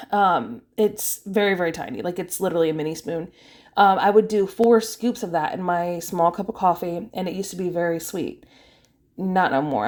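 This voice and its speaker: A woman's voice: mid-range voice, a little mellow. Chatty woman vlogging meal prep. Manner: chatty and rambling, with fillers and laughs. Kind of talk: casual meal prep voice-over.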